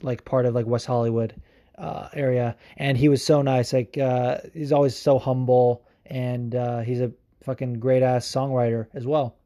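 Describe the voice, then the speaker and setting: A man's voice: mid-range voice, dark tone. A man hosting a podcast, chatting casually in a rambling, profane way with lots of filler words. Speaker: podcast host. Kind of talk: casual chat.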